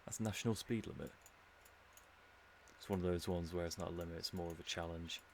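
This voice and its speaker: An English man streams a game, musing and rambling through casual, dry-humoured commentary as he plays. His low voice holds a steady tone and moves briskly with some creak. A faint hiss or hum sits under the recording.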